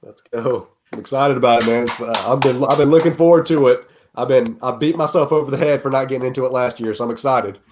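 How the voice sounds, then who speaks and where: Guest guy on a sports podcast, normal pitch, confident and laughs a lot. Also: fast, few pauses, darkish tone, slight background noise. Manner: confident, argumentative, laughs easily. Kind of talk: casual podcast chat.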